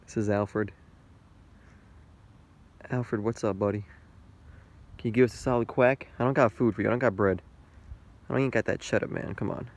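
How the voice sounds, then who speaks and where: A man's voice: on the low side, fairly even intonation, moderate pace, pauses often. A young man vlogging outdoors by a lake on a handheld phone, narrating playfully to the camera. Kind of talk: casual travel vlog.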